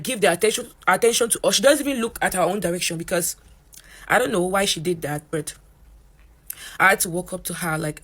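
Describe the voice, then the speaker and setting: Animated young woman telling a storytime. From Africa. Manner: animated, voices quotes in a higher pitch. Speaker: college student. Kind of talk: storytime rant to camera.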